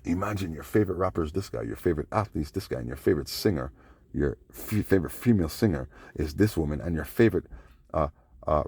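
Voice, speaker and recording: A man giving a rambling casual monologue, tagging his sentences with "man" and "yeah" and swinging between low mutters and loud bursts. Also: slightly rough, no echo. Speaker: channel host.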